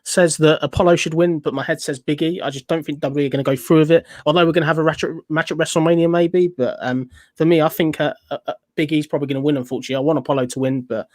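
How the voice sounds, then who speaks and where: A man giving his take in a casual podcast chat, quick with hesitant uhs. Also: a little high, fairly even intonation, darkish tone, dry recording, studio quality.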